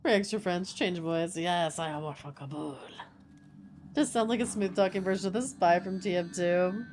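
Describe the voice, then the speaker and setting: A woman's voice: on the low side, normal speed, a little mellow. Playful woman streamer, faint hiss. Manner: playful, flirty, talks to chat. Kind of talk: gameplay commentary.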